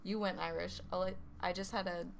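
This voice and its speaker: A woman's voice: lowish voice, fairly even intonation, a little fast, vocal fry. A young woman co-hosting a podcast, teasing her friend and laughing often in casual chat. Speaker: podcast co-host.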